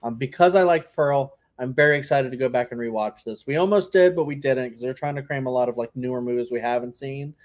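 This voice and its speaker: A man co-hosts a relaxed podcast conversation at a middle pitch. His speech rambles, and he leans constantly on filler words as he thinks aloud. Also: fast talker, few pauses. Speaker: podcast co-host. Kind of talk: casual chat.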